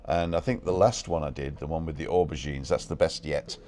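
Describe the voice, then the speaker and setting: Low-voiced man hosting a live chat. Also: fairly even intonation, darkish tone, a little hiss or hum. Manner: fast-talking, reads out viewer comments and names. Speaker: live-stream host. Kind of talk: casual live-stream chat. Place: balcony outdoors.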